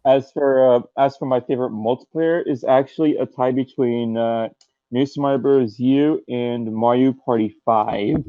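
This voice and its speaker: A man's voice: medium pitch, steady tone, moderate pace, no room sound. A young man chatting on a group podcast, hesitant and full of fillers. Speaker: podcast co-host. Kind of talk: casual group chat. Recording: muffled lo-fi mic.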